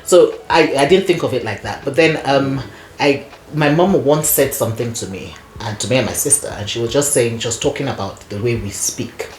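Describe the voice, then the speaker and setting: Animated woman telling stories in an echoey room. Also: very deep voice, moderate pace, a little hiss or hum. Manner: animated, laughs often, many "you know" fillers. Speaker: guest. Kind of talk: conversational storytelling.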